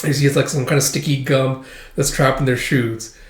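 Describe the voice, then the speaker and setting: A man recapping a manga chapter with energy, narrating and jumping into loud, excited character voices. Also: mid-range voice, moderate pace, roomy sound. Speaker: manga reader and commentator.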